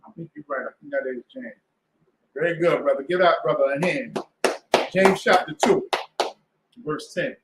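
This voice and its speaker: A man's voice: on the high side, normal speed, pauses often, very noisy. A man teaching a Sabbath class, preaching with rhetorical questions and call-and-response to the room. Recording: echoey room.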